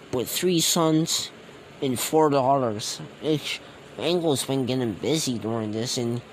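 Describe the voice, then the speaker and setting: A man's voice: mid-range voice, a little hiss or hum, rough recording. A man telling a fan-made story off the cuff, rambling and slangy, with many fillers and restarts. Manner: slangy and casual.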